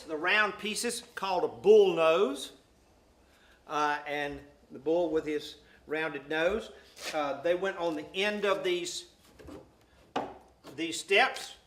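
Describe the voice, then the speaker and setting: A man with a Southern accent, giving a loud, folksy guided walkthrough as he points out old wooden building pieces. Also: high-pitched, slow pace, roomy sound, a little hiss or hum. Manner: loud, folksy, explaining while pointing things out. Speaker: restoration guide.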